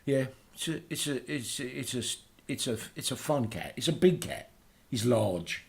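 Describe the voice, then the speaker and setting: A man's mid-range, creaky voice, animated and at a moderate pace, brings to life a boastful aging punk singer from Liverpool guest hosting a radio show. The comic character rambles hesitantly with many fillers and breaks into loud rants.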